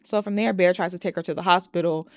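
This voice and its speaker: A woman's voice: lowish voice, fairly even intonation, fast, no room sound, clean studio sound. A woman recapping a movie plot in a casual, chatty way, swearing freely and throwing in exasperated asides. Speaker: movie reviewer.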